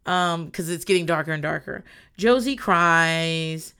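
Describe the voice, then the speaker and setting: A woman's voice: sits low, measured pace, sharp tone, clean tone. A woman in casual chat, recapping a reality show in a blunt, rambling way and swearing often.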